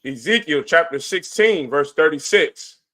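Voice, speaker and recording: A man with a fairly high, bright, forceful voice reads scripture aloud during a livestream. He stays deferential, calling the leader sir and General between verses. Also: animated, unhurried. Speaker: scripture reader.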